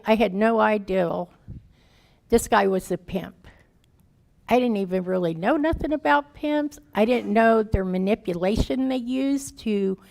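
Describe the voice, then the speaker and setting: A guest speaker in her fifties shares her recovery story in candid, plain-spoken, folksy words, emotional and raw. Her voice is a little high with vocal fry and a darkish tone.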